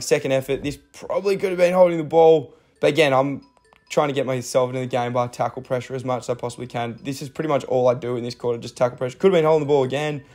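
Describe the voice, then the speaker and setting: Medium-pitched and a little mellow, this young man with an Australian accent commentates his own gameplay casually. Coaching advice mingles with jokes at his own expense and plenty of filler words.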